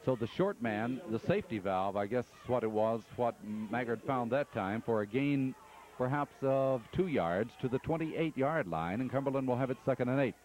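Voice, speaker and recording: A man doing radio play-by-play of a football game from the press box, calling each play briskly and steadily. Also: medium pitch, expressive, darkish tone. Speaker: play-by-play announcer.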